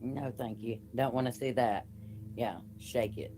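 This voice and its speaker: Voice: medium pitch, fairly even intonation, a little slow, over music. A host giving casual commentary on clips and addressing viewers by name.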